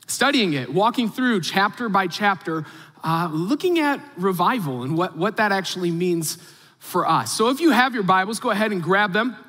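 A man preaching to a congregation in a relaxed, chatty way, his voice a little high for a man. A long hall reverb rings after his words in the large church room. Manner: casual, conversational preaching. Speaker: pastor. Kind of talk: sermon.

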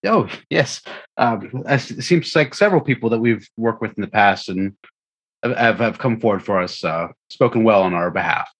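A man voicing a friendly male merchant at a dinner, speaking in a relaxed way. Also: on the low side, normal speed, breathy edge, exaggerated voice.

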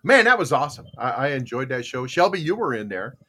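A man's voice: mid-range voice, sing-song, fast, a crowd in the background. An older man hosting a casual morning show, rambling through stories with chuckles and repeated phrases. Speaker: host.

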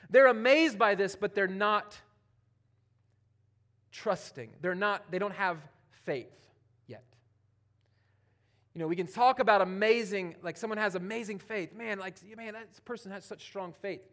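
Male pastor, higher voice, animated sermon delivery, casual asides, big swings between loud and soft. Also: a little slow, pauses often. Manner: animated, swinging from loud emphatic preaching to quiet near-whispers; conversational, with casual asides and playful quoted voices.

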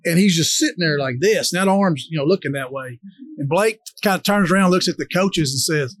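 A man with a twang and a high voice spins coaching stories in easygoing chat. He laughs through his tales. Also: brisk, dry recording. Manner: laughing, animated storyteller. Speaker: head coach and podcast guest. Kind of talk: casual storytelling chat.

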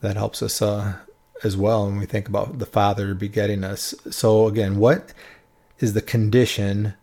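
A man explaining Bible verses in a relaxed, conversational way, often checking in with a questioning "right?". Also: lowish voice, moderate pace. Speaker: Bible teacher.

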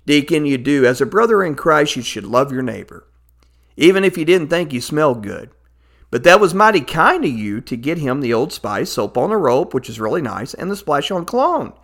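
A man's voice: a little high, sing-song, normal speed, a bit bright. A man hosting a Christian podcast show in an enthusiastic, announcer-like manner. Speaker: podcast host.

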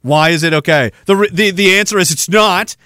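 Sarcastic, profane high-voiced man. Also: fairly quick, sharp tone, no room sound, studio quality. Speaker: podcast host. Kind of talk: ranting podcast commentary.

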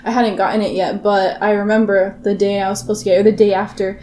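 Thoughtful woman, mid-pitched voice, hesitant delivery. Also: level tone, fast talker, darkish tone, slight background noise. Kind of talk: casual chat.

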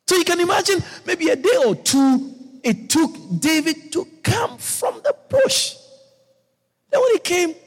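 A man preaching a sermon, telling the story with animated swings up to shouts. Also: extremely high pitch. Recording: long echo of a large hall.

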